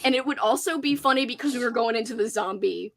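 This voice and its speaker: A woman hosting a casual livestream chat, telling an animated story with "like" in nearly every sentence. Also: a little high, fast talker, heavy background noise. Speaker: host.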